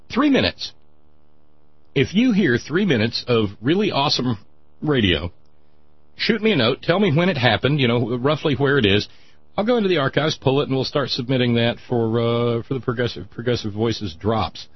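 A man with a Southern accent hosts a talk radio show. He rambles in a folksy, chatty way full of homespun sayings. A faint music bed sits under his slightly muffled voice. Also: medium pitch. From West Virginia. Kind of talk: casual talk radio monologue.

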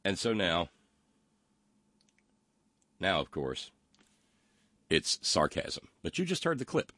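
Low-pitched yet fairly bright, this man's voice swings hugely in pitch, with no echo in the recording. As a political talk show host, he reads listener comments and sarcastically mocks the news, stumbling through many fillers.

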